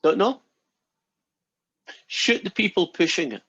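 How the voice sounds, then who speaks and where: A man lecturing math, breaking up the class with jokes and calling on students by name. His voice sits fairly high and his delivery is playful. The audio is dull and lo-fi. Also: very animated, a little slow, a bit bright, husky. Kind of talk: casual classroom joke-telling.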